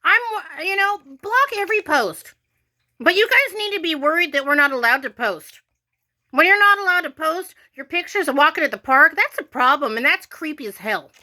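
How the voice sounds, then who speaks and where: A woman's voice: high-pitched, pushed and bright. An American woman ranting casually to her viewers, irritated and rambling, with lots of "like" fillers. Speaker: vlogger.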